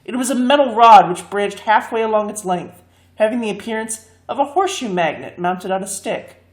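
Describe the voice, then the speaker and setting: A woman reading a fantasy story aloud, expressive and lively. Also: medium pitch, moderate pace. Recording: echoey room.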